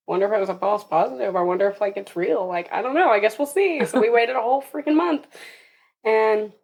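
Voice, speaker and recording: A woman's voice: mid-range voice, darkish tone. A young woman, a podcast guest, tells a personal story in casual interview talk, laughing often and acting out the voices of people she quotes.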